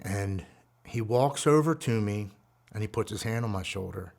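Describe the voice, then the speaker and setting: A man in his forties with a somewhat low voice tells his own story of struggle and recovery. His delivery is earnest and raw, heartfelt as he relives painful memories. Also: moderate pace, creaky. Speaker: guest speaker sharing a recovery story. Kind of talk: personal storytelling.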